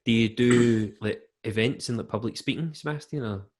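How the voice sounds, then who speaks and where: A man's voice: medium pitch, moderate pace. A laid-back man co-hosts a podcast. He drops in short, easygoing remarks during the casual chat. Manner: laid-back, laughing, chipping in briefly.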